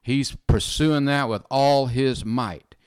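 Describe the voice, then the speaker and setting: A man's voice: mid-range voice, takes it slowly, clean tone, dry recording, studio quality. A man giving informal, earnest Bible teaching in conversation, repeating phrases and often saying "you know" and "amen".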